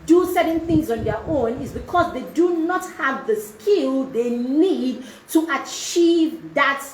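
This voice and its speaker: A woman's voice: high voice, expressive, slow pace, echoey room, slight background noise. A woman giving a live-streamed parenting talk as a mentor, repeating herself and checking in often with "okay?" and "right?". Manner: repetitive, checking in with frequent tag questions.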